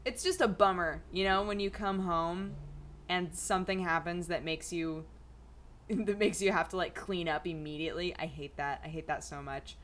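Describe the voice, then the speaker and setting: A woman's voice: lowish voice, steady tone, moderate pace, a bit bright, slight background noise. A young adult woman chatting casually at home in a rambling vlog, full of fillers. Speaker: vlogger. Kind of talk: casual chat.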